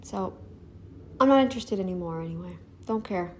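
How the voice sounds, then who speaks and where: A woman's voice: lowish voice, expressive, moderate pace, a little hiss or hum. A woman vlogger ranting in casual commentary, emphatic and defiant, repeating herself for effect.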